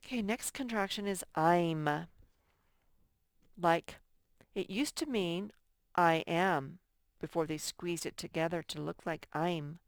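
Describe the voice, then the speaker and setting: A woman teacher leading a first-grade spelling lesson, slowly sounding out each word syllable by syllable. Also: lowish voice, clean tone, dry recording, clean studio sound. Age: adult. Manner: slow, sounds out words syllable by syllable.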